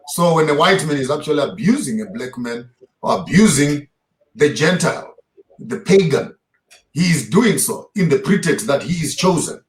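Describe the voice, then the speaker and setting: Male theologian guest, slightly high voice, forceful lecturing delivery, roomy echo. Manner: emphatic, lecturing, rhetorical questions. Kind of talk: impassioned interview talk.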